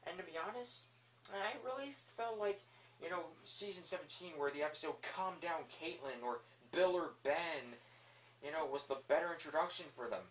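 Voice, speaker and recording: A man's voice: a little high, animated, normal speed, fairly bright tone, a little hiss or hum. A man giving a casual spoken review, enthusiastic and rambling, with lots of fillers. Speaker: video reviewer.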